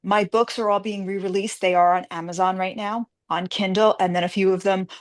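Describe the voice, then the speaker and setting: A woman's voice: mid-range voice, fairly even intonation, fairly quick. A woman guest author in a casual interview, telling stories animatedly and acting out the voices of the people she quotes.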